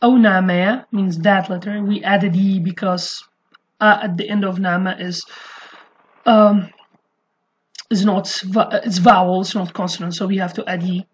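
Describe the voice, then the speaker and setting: With a mid-range, steady, breathy voice, a woman native to Slemani in Iraqi Kurdistan gives an online language lesson in English. Her explanations are halting and full of fillers, and she repeats example phrases; the highs in the audio are cut off.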